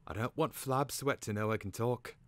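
Caterbird, a man doing a rasping whispering bird. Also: mid-range voice, moderate pace, voice pushed up, close to an everyday voice. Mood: hushed. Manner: hushed and urgent. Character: old noble bird creature, caged, urgent. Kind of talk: dramatic reading.

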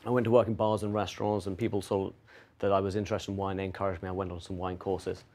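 A man's voice: deep voice, flat delivery, a little mellow. A middle-aged English man with an English accent, answering interview questions in a friendly, self-deprecating way. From England. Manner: friendly, self-deprecating, quick with small restarts. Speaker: wine auction executive, guest.

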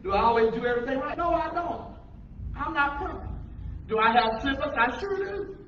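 A man preaching a call-and-response sermon to a congregation, animated and calling out questions for them to answer. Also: very high voice, fairly quick, a little hiss or hum. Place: church hall with a congregation. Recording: echoey room from far off, dull lo-fi.

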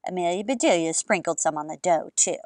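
A woman telling a children's picture book story with an expressive read-aloud manner, outdoors in an orchard. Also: fairly low pitch, a little fast, no room sound, studio quality.

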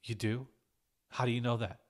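A man's voice: mid-range voice, steady tone, normal speed, close to an everyday voice. A man voicing a brusque, troublesome young male chef who speaks in a curt, needling way.

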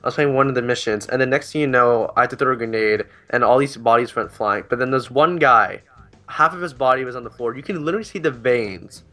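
Fast-talking bright young man. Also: medium pitch, faint music behind. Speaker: podcast co-host. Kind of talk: casual chat.

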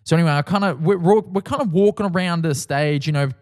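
Profane, animated Australian man telling stories. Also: a little high, fast. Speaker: podcast host. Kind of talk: casual storytelling.

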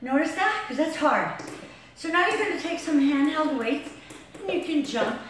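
A woman's voice: high-pitched, expressive, normal speed, background noise. A woman fitness instructor demonstrating a workout, counting reps aloud while exercising and getting out of breath. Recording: echoey room, far from mic.

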